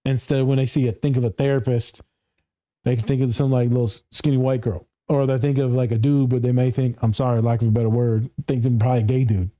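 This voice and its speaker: A male therapist talking on a podcast in a blunt, profane way. He laughs often and mimics his clients in higher voices. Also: flat delivery, fast, dark tone. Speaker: therapist and speaker. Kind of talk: casual podcast conversation.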